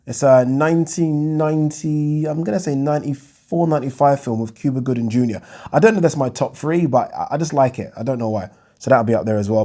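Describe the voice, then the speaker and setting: Viewer questions get loose, rambling answers from this vlogger, whose mid-range voice has a mellow quality. He talks casually, swears, and keeps breaking off partway through sentences.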